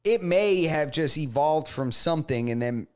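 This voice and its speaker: Brief: relaxed male co-host from New York, casual, quick to laugh, slightly higher voice. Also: clean tone. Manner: laid-back, laughs often, says "bro". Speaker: podcast co-host. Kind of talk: casual chat.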